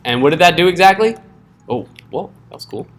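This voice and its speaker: A man's voice: a little high, animated, brisk, fairly bright tone, a little hiss or hum. A man teaching a live coding class in a casual, joking way, often checking in with the room. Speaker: coding instructor.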